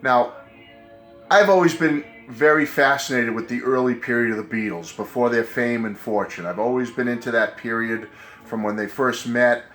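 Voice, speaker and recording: Fifties New England man, recovering from a cold, mid-pitched, rambling collector chat, faint music behind. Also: normal speed, a bit bright. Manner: rambling, enthusiastic, self-correcting. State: getting over a cold. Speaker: collector vlogger. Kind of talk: casual chat to camera.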